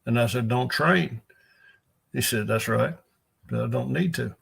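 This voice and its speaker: A man's voice: mid-range voice, a little slow, creaky, fairly bright tone, breathy edge. An older man, a veteran strength coach, telling rambling folksy anecdotes with chuckles in an interview. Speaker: guest, NFL strength and conditioning coach. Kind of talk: storytelling interview.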